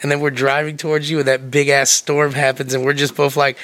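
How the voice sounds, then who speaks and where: A man in casual chat, chiming in with quick, profane remarks. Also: medium pitch, level tone, a bit bright, no echo.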